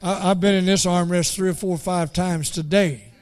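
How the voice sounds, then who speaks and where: A man preaching a folksy story, halting and repeating words as he goes. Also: high voice, fairly even intonation, a little mellow. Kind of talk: storytelling sermon.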